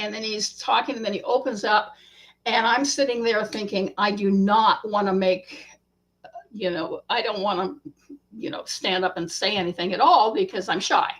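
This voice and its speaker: A woman author, a guest in an interview, telling a story in a casual, animated way and acting out the quotes. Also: medium pitch.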